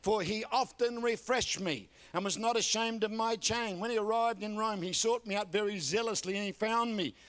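A man's voice: high voice, normal speed, hardly any pauses, fairly bright tone. An older man preaching a sermon, telling folksy stories and calling for amens. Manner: folksy storytelling with calls for amen. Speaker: pastor.

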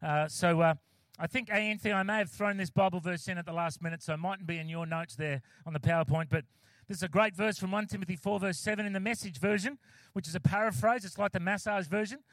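A man's voice: sits high, fast, a bit bright, no echo. A man, a pastor giving a casual, joking sermon with many fillers and restarts, close to the mic.

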